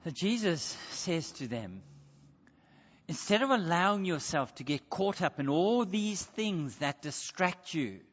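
High bright-voiced preacher in a big hall. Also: male voice, very animated, a little slow. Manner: earnest, rhetorical questions, reads scripture aloud. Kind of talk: sermon. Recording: dull sound with long hall reverb.

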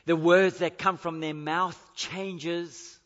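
A male preacher with a high, bright, forceful voice, driving his points home with repetition. His sermon rings with a long hall echo, and the recording is dull and lo-fi. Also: flat delivery, takes it slowly. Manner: emphatic, repetitive, building to forceful declarations.

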